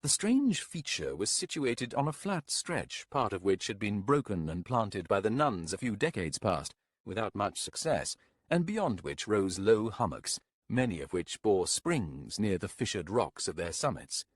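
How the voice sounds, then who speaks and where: Slow, husky male audiobook narrator. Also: on the low side, very animated, no echo, studio quality. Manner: measured, descriptive storytelling. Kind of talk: scripted narration.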